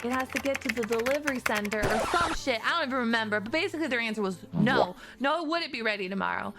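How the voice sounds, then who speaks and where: A woman streamer telling a frustrating story in a casual, animated rant, acting out both sides of the conversation with exasperation. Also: fairly high pitch, quick pace.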